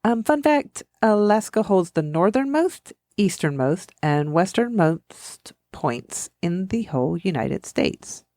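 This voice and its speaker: A woman's voice: mid-range voice, expressive, slow, few pauses, darkish tone, no echo, studio quality. A woman co-hosting a podcast, rambling through fun facts in a chatty, giggly way. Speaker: podcast co-host. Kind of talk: casual chat.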